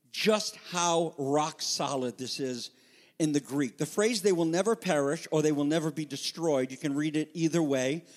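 Impassioned high-voiced male preacher. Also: in a large hall. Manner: impassioned, swings from loud emphasis to hushed intimacy. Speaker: pastor. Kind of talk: sermon.

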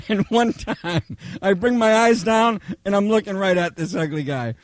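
A man preaching a Bible study, telling humorous personal stories in a chatty, animated way, often checking in with "okay?". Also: high voice, unhurried, no room sound. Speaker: pastor teaching a Bible study.

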